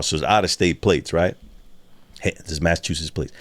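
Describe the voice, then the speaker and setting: A man telling a profane, animated story in casual conversation, acting out the other voices in it. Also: low-pitched, fast talker, no echo. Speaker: guest.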